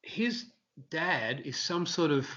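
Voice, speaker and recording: Guy telling busking stories, bit high voice, does the voices, dull lo-fi sound. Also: slow pace. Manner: animated storyteller, acts out quotes in high shouts. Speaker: interview guest, street performer. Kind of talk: casual storytelling interview.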